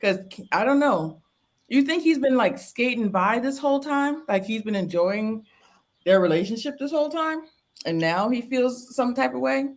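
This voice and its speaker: A woman's voice: fairly high pitch, lively intonation, moderate pace. Woman co-host, casual reality-show review chat, chatty delivery with fillers and easy laughs.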